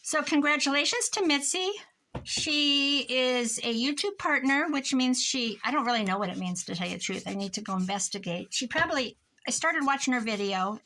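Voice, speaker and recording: A crafting vlogger, a middle-aged woman with a Midwestern American accent, chats casually to viewers from her craft room, rambling and laughing often. Her voice is fairly high, bright, and forceful, and the recording is low quality.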